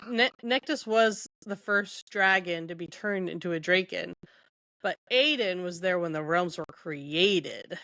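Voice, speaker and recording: A woman's voice: fairly low pitch, unhurried, sharp tone, dry recording. Woman casually recapping a book. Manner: retells scenes with quoted dialogue, many fillers. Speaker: podcast co-host.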